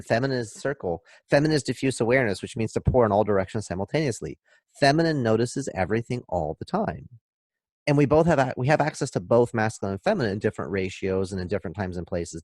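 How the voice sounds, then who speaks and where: A man speaking as a podcast guest, explaining in an emphatic, animated way and acting out little scenes. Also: fairly low pitch, dry recording, studio quality. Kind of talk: casual podcast talk, explaining.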